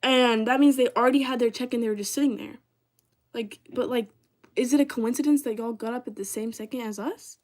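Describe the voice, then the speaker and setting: A young woman talks straight to her livestream audience in a loose, rambling way. Her voice sits a little on the high side, and her sentences keep circling back through "like" and "y'all" in relaxed storytelling. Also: a little fast. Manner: chatty, heavy use of "like", addresses viewers as "y'all".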